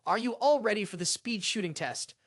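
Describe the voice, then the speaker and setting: A narrator voicing a cheerful woman magic professor addressing her students, in an expressive reading voice. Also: mid-range voice, a little fast, dry recording, studio quality, close to an everyday voice.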